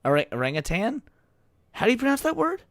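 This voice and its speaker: A man's voice: extremely high pitch, wildly swooping pitch, fast talker, no echo, studio quality. A man co-hosting a late-night stream, joking around and reading chat messages aloud with frequent stammered restarts. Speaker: VTuber co-host.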